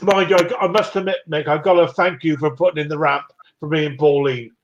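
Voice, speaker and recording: A man in a casual chat, telling stories in a lively, chatty way. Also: a little high, brisk, slight background noise. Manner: chatty, animated storyteller. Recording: dull lo-fi sound.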